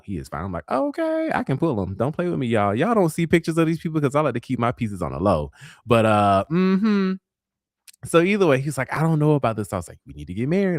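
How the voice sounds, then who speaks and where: Animated man in his forties storytelling. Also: mid-range voice, no echo, studio quality. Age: 40s. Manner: animated, acts out dialogue with sass. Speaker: host. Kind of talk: casual storytelling.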